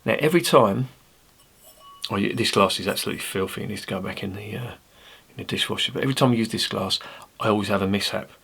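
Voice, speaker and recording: Male beer reviewer, low-pitched, casual and rambling, throws in jokes. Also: quick pace, vocal fry, fairly bright tone, slightly rough. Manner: chatty, rambling, jokey asides.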